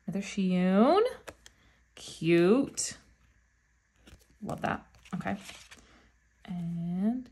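A woman vlogger unboxing albums in a casual chat, gushing and often gasping with excitement. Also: fairly low pitch, extremely slow, pauses often, breathy edge. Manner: gushing, with frequent excited gasps.

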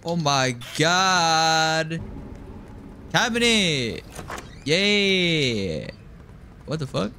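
A man giving jokey, excitable commentary while playing a horror game, often yelping and screaming. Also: a little high, drawn-out words, long pauses, heavy background noise. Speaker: gaming YouTuber.

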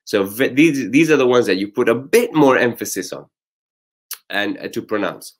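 A man's voice: fairly low pitch, normal speed. A man hosting and teaching, casually summarizing recitation lessons with frequent fillers and restarts. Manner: explains patiently with many fillers and restarts. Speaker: host and Quran recitation teacher.

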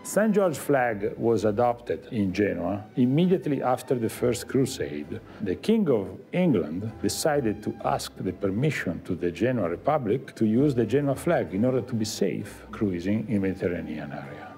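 A man's voice: fairly low pitch, very animated, moderate pace, vocal fry, hardly any pauses, dark tone, soft background music. A man with an Italian accent speaking earnestly and proudly, with some joking, in an interview. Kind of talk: casual interview talk.

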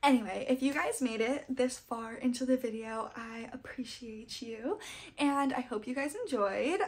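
A woman's voice: fairly high pitch, moderate pace. A young adult woman chatting casually about books she read, gushing and fangirly. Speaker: book vlogger. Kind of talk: casual book wrap-up chat.

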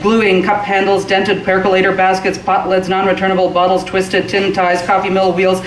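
A woman's voice: mid-range voice, completely flat delivery, normal speed. A woman giving a live reading of a short story, rolling expressively through long rhythmic lists. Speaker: reader. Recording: roomy and distant from the mic, faint hiss.

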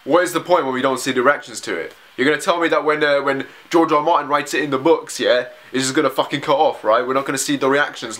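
A man's voice: mid-range voice, fast talker, hardly any pauses, fairly bright tone. A man reacting to a TV episode as he watches it, ranting angrily and swearing often. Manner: angry, profane ranting. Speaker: reaction video host.

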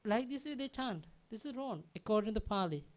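A woman's voice: on the high side, expressive, fairly quick. A woman teaching a language lesson, patiently repeating example words and checking that her students understand. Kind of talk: classroom lesson.

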